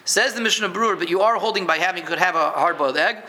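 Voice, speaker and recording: A man's voice: sits high, fairly even intonation, rapid-fire, sharp tone, slight background noise. A man teaching a casual Jewish law class to a room of listeners, conversational, repeating words and quizzing them. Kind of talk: informal halacha class. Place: room with a live audience.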